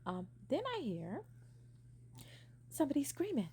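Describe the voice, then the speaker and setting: A young woman casually telling a personal story, animated, acting out what people said and using many fillers. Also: medium pitch, moderate pace, pauses often, husky.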